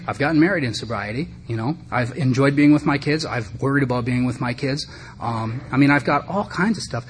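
A man's voice: medium pitch, a little hiss or hum. A middle-aged man speaking candidly and self-deprecatingly to a recovery meeting, talking conversationally with frequent asides. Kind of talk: personal recovery talk to a group. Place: meeting room.

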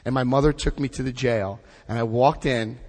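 Brief: lively male recovery speaker, medium pitch, big swings when quoting people, echoing hall. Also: normal speed. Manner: animated, acts out dialogue with big pitch jumps. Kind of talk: personal storytelling talk. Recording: echoey hall.

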